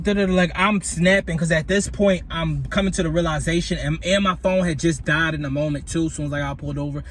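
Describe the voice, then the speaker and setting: Guy ranting thru a storytime on his work break, kinda high voice, cusses a lot, gets loud then mutters, faint background noise. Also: quick pace, hardly any pauses. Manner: animated, profane, swings between loud and muttered. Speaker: vlogger telling a story. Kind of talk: casual storytime monologue.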